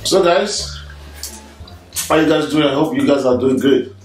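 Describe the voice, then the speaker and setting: A man's voice: medium pitch, unhurried, far from the mic, a little hiss or hum. A man speaking as the father in a family vlog, exasperated and stammering through repeated words. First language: an African language. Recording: echoey room, a little off-mic.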